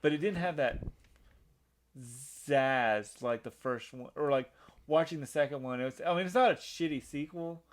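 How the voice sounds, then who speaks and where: A man's voice: fairly high pitch, moderate pace. A man in his thirties hosting a podcast in casual chat, rambling along with many restarts. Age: 30s. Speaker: podcast host.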